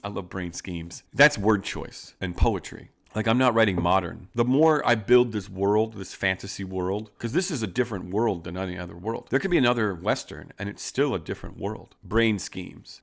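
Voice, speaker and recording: A man, a playwright, reading his script aloud and musing quietly to himself about word choice and rhythm. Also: moderate pace, creaky. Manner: musing, low-key self-talk, hums rhythms.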